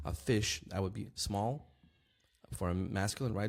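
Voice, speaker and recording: Pitched fairly low, a man's voice leads a casual, relaxed language lesson. He says the example words slowly and repeatedly, often asking "right?" to check in.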